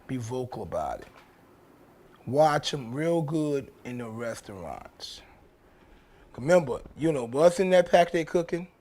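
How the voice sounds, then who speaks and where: A man's voice: a little high, a little mellow. A man, hosting his own show in a blunt, profane casual monologue that repeats points for emphasis. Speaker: show host.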